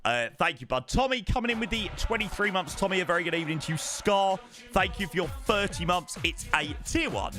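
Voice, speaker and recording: A man's voice: high-pitched, lively intonation, fairly quick, music in the background. A man chatting casually on a live stream, thanking subscribers one by one and swearing now and then. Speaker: flight sim streamer.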